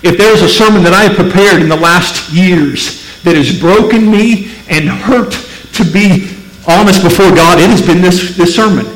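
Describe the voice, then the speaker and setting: High-voiced emphatic preaching man, echoey. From Missouri, USA. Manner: emphatic, rising to near-shouted peaks, then dropping low and slow. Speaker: pastor. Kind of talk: sermon.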